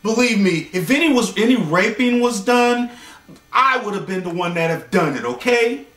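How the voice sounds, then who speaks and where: Jokey male storyteller, high and bright, slangy asides, echoey room, mic set back. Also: expressive, moderate pace, recorded from a distance. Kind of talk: casual bedtime storytelling with joking asides.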